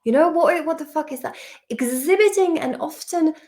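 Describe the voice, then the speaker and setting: A woman's voice: high voice, animated, moderate pace, darkish tone. A woman teaching vocabulary in a casual, playful study-along lesson, chatting and swearing at the dictionary as she goes.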